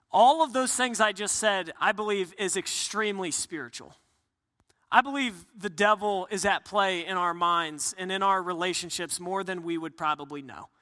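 Brief: a male pastor with a high, very bright voice, preaching candidly and casually with light jokes. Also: long reverb tail. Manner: casual and candid, with joking asides. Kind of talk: conversational sermon.

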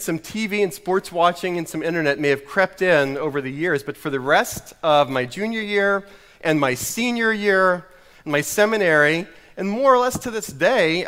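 Middle-aged American pastor, wry self-mocking storyteller, slightly high voice, long church reverb. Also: male voice, fairly bright tone. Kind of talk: sermon.

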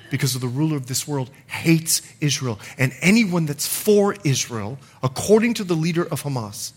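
A man's voice: a little high, moderate pace, breathy edge. A middle-aged male pastor preaching a sermon, telling a personal story with self-mocking humor and then leading a prayer. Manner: animated storytelling, laughs at himself, drops to quiet prayer.

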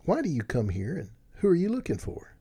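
A man's voice: a little high, huge pitch swings, brisk, vocal fry, mellow, slightly rough, pitched above the performer's own voice, full character voice. A man voicing a stern, self-important man in charge, talking in a demanding, bossy way.

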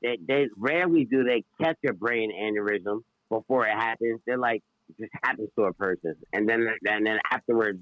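A man's voice: lowish voice, no echo. A man from Haiti in casual podcast chat, talking in a laid-back, slangy way. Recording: dull dry lo-fi sound.

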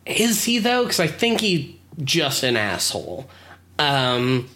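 Bright voice, mid pitch, loose sweary chatter with fillers. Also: wildly swooping pitch, slow pace. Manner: casual, swears freely, filler-heavy. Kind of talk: casual chat.

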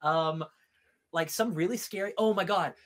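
A man's voice: high voice, normal speed, a bit bright. A man co-hosting a podcast, rambling loosely about a film and leaning heavily on "like" as a filler. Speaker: podcast co-host. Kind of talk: casual movie review chat.

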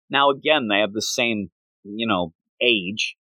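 A man in casual chat, recapping a story in a rambling, animated way and slipping into quoted voices. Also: lowish voice, measured pace, no room sound.

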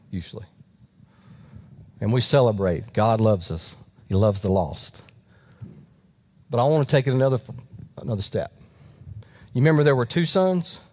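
A man's voice: mid-range voice, a little mellow. A pastor works through a Bible story at an easy, conversational pace. He keeps stopping to talk directly to the congregation. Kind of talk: sermon.

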